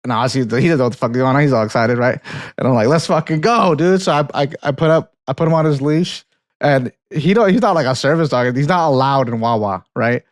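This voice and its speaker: A man's voice: medium pitch, fast, no room sound, clean studio sound. A young man co-hosting a casual film podcast, rambling through a story, laughing often, swearing freely and restarting his sentences. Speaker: podcast co-host. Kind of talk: casual chat, film review and anecdote.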